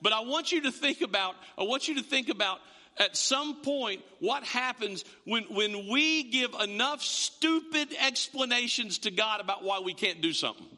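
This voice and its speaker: A male pastor preaching a sermon in a church, animated and often restarting his sentences. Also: very high voice, moderate pace. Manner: animated, self-interrupting storyteller. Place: church sanctuary, also streamed online. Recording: long reverb of a church hall.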